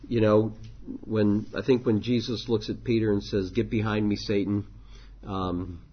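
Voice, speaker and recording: A man's voice: lowish voice, breathy edge, lo-fi sound. A man who is a pastor, teaching a church leadership class in a conversational way, with frequent ums and restarts.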